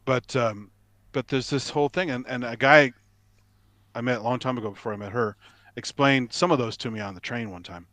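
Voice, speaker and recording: Guy on a zoom call, dry sound, talks with lots of repeats, pretty lively. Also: medium pitch, a little fast, no room sound. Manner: animated, repeats words, laughs often. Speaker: guest on a video call. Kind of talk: casual chat. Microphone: video call.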